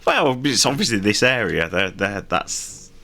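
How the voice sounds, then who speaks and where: A man playing a tabletop game, talking in a playful, halting way with restarts. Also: lowish voice, big pitch swings, vocal fry, bright, forceful tone. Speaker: player.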